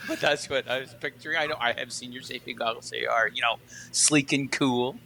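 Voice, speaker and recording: A man's voice: mid-range voice, steady tone, a little fast, creaky, pushed and bright, slight background noise. A man co-hosting a podcast as a tinsmith, chatting in a giggly, self-deprecating way. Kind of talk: casual chat.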